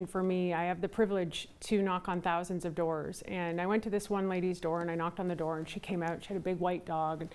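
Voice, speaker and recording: Woman, election candidate, storytelling, persuasive, fairly low voice, television studio. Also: steady tone, fairly quick, few pauses, a little mellow, clear, resonant tone. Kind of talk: campaign closing statement.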